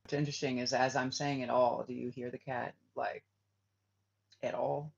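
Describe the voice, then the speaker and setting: A man of middle pitch talks in a loose, rambling monologue, peppered with filler words and curses. The sound is dull and lo-fi. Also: little pitch movement, normal speed, gravelly, husky. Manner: rambling, full of "like" and swearing. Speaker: spiritual reader and vlogger.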